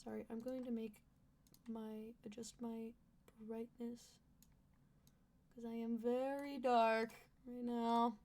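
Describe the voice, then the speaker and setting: A woman's voice: on the high side, flat delivery, slow, pauses often, a little mellow. Blunt, casual woman streamer. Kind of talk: casual gaming stream chat. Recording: game music playing behind.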